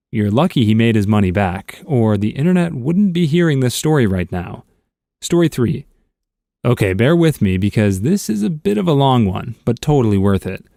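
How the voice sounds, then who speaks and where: Male narrator, mellow dark voice, dry close sound, steady story reading. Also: mid-range voice, dry recording. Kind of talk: scripted narration.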